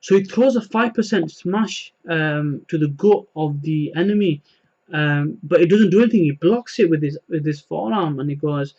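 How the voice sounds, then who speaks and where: A man's voice: a little high, normal speed, warm tone, highs cut off. A man casually recapping a manga chapter, rambling with many fillers and retelling the dialogue. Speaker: manga reviewer.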